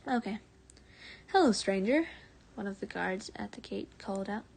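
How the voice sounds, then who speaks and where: A female streamer with a mid-range voice and steady tone reads fan fiction aloud at a brisk pace during a live stream. She often goes soft and breathy, stumbles and self-corrects, and breaks off to talk with viewers.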